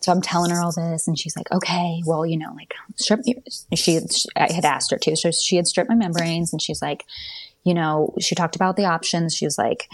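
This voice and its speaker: A woman's voice: on the low side, normal speed. A young woman telling a personal story in a chatty way, full of fillers, acting out what others said. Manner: chatty, many fillers, quotes others in lively voices. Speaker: podcast guest. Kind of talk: telling her birth story.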